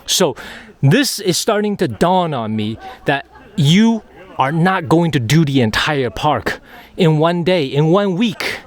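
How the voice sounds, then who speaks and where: A man's voice: on the high side, lively intonation, slow. A man narrating his own travel vlog while hiking up a mountain trail outdoors, chatty and repeating himself, getting winded. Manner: chatty, repeats phrases, thinks aloud. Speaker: travel vlogger.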